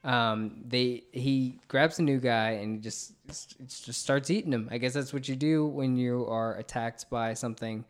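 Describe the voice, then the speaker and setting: A man's voice: mid-range voice, a little slow, hardly any pauses. A man hosting a podcast in casual chat, upbeat and laughing often, with frequent fillers. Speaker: podcast host.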